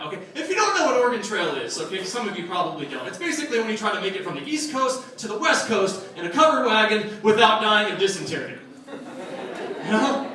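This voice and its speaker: A man's voice: sits high, pushed and bright. A young man performing a stand-up comedy set, telling loose, profane stories with asides to the audience. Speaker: stand-up comic. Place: comedy club stage. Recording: echoey club sound from a distant mic, crowd laughter. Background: audience laughing.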